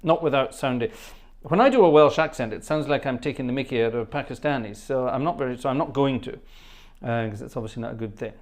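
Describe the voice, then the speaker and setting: A fast-talking man with a mid-range voice runs a casual livestream out of his home studio. The host, who is also an organist, rambles chattily, laughs frequently, and thanks his viewers by name.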